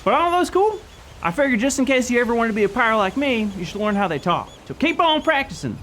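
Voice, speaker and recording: A silly male kids' show character, voiced by a performer, who is all in on being a pirate. He talks in a lively, swooping voice and growls out pirate lingo. There is a faint bit of noise in the background. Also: mid-range voice, quick pace. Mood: playful. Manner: playful, slips into a growly pirate voice. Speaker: show host. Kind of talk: scripted children's show.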